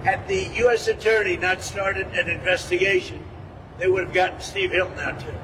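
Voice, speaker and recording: A man giving rambling off-the-cuff remarks to the press, repetitive and halting. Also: sits high, recorded from a distance, noisy background. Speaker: politician talking to press.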